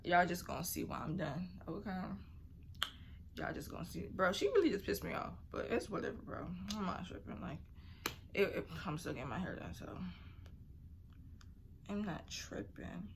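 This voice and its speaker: A woman's voice: lowish voice, very animated, moderate pace, vocal fry, long pauses, background noise. A young woman vlogging to camera in a casual, slangy way, venting and joking with her viewers. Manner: chatty, venting, slangy with "bro" and "y'all". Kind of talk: casual vlog talk to camera.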